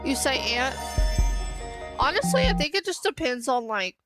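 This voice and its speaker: A bright, high-pitched young woman chats with her viewers while gaming, wandering loosely from thought to thought. Game music plays clearly under her voice. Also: very animated, normal speed. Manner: chatty, rambling, talking to chat. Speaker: streamer. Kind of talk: casual chat while gaming.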